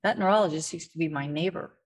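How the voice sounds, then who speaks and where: Low-pitched and fast, with a breathy edge, this guest is an end-of-life advocate recounting stories in an interview. Her manner is candid and plain-spoken, though she comes across as tired and a bit frustrated.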